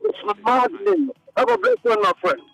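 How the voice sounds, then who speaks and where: High, animated, gravelly male caller. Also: normal speed, dry recording, soft background music, low-quality recording. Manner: animated, indignant retelling. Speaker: radio call-in caller. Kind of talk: phoned-in comment on a talk show.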